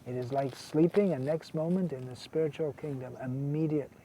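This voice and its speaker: Earnest, fairly high-voiced male preacher. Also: a little fast, warm tone, slight background noise. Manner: earnest, emphatic, repeats key words, reads out quotations. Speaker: monk lecturing on scripture. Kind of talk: sermon.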